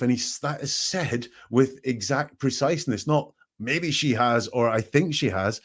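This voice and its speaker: A man's voice: medium pitch, unhurried, few pauses, slightly rough. A man hosting, analyzing a recorded call with emphatic, questioning commentary. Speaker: statement analyst host.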